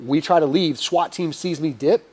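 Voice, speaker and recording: A man's voice: fairly high pitch, normal speed, breathy edge. A middle-aged man telling a long story as a podcast guest, cursing freely and acting out what people said. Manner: profane, animated, acts out quotes. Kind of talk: casual storytelling.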